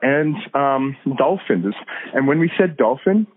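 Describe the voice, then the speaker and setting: A man in his thirties tells a personal testimony in an easy conversational way, laughing often and repeating himself as he goes. His voice sits at an ordinary middle pitch. The sound comes through a thin, phone-like line. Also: lively intonation, a little slow. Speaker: guest telling a testimony. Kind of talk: casual storytelling testimony. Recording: phone-like narrow band audio.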